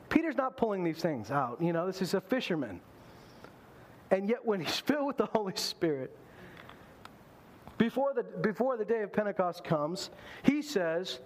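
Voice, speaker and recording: A male pastor preaching a sermon in an animated way, acting out the voices he quotes. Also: high-pitched, moderate pace, slight background noise.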